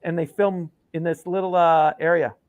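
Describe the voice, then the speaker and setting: A man with a notably high voice who explains things in a relaxed, easygoing way during a casual chat. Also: moderate pace, lo-fi sound.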